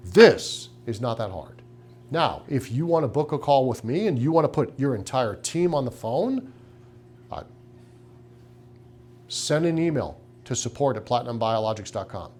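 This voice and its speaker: A man's voice: medium pitch, expressive, normal speed, darkish tone. Emphatic, punchy middle-aged man. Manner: emphatic, punchy, rhetorical questions. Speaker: practice consultant. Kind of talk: business training talk to clinic owners.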